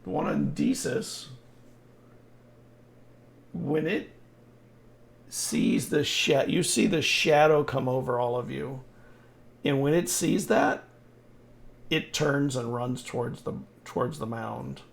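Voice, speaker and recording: Gravelly, slow-talking male game master. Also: medium pitch. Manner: unhurried, halting with restarts. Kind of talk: narrating a tabletop game.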